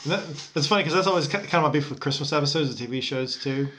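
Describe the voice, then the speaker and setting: A man's voice: a little high, a bit bright, slight background noise. A man co-hosting a podcast, chatting casually and dropping dry jokes. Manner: dry joking, quick quips. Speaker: podcast co-host. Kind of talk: casual chat.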